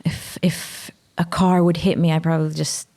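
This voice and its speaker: A young woman with a Maltese accent, a podcast guest speaking haltingly, searching for words and sometimes dropping to a whisper. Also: low voice, flat delivery, warm tone. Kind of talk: emotional personal conversation.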